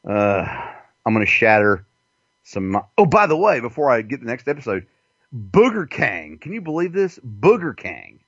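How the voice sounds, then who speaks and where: A man's voice: medium pitch, normal speed, husky, no echo, dull audio. A man hosting a podcast, delivering a crude, mocking, profane monologue. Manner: crude, mocking, animated delivery with frequent swearing. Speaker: podcast host.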